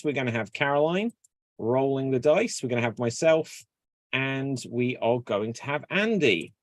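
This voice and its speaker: A man hosting an online improv comedy show, brisk and upbeat, calling on players over a video call. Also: mid-range voice, no echo. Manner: brisk, upbeat, auctioneer-like prompting. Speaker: improv host. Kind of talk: emceeing an online improv game.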